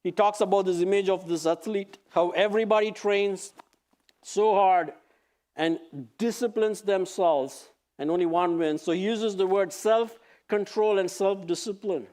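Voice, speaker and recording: A man preaching a sermon in an earnest, exhorting manner, reading scripture aloud with pauses. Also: high-pitched, a little mellow. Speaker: pastor.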